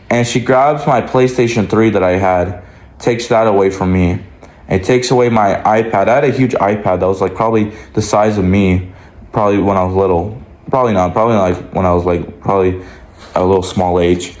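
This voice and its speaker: A man telling a casual storytime to his followers, rambling and restarting often. His voice sits a bit low, and the recording carries a roomy echo. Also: brisk, a little mellow. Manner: rambling, many likes and restarts. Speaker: vlogger.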